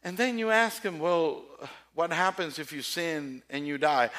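Male preacher, sermon, bright clear tone, slightly high pitch, impassioned storytelling. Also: a little slow, hardly any pauses. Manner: impassioned, rising and falling, storytelling with questions to listeners.

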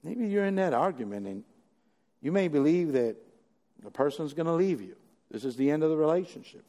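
Animated preacher man in an echoing hall. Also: a little high, brisk. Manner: animated, building to emphatic peaks, rhetorical questions. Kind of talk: sermon. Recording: long echoey hall reverb.

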